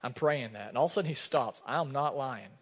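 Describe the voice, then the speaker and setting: In a church sanctuary, a man preaches a sermon as pastor, earnest and conversational as he tells personal stories. His mid-range voice moves fairly quickly, and the recording carries the long reverb of a church hall.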